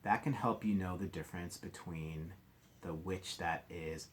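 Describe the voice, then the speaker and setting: A man's voice: low voice, a little slow, a little hiss or hum. A male teacher leading a morning meeting lesson for young children, explaining step by step in a patient, friendly, playful way.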